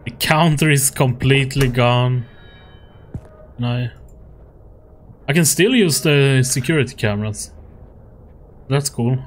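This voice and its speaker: A man's voice: medium pitch, expressive, takes it slowly, long pauses. A man commenting on a horror game as he plays it, swearing often and laughing at his own frustration. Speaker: gaming YouTuber. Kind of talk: let's play commentary.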